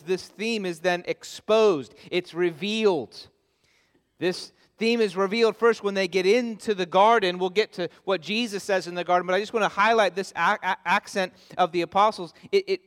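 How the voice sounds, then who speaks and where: A man's voice: high-pitched, fairly bright tone, clean tone. A pastor preaching an expository sermon, earnest and emphatic as he stresses his key points. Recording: long reverb of a large hall.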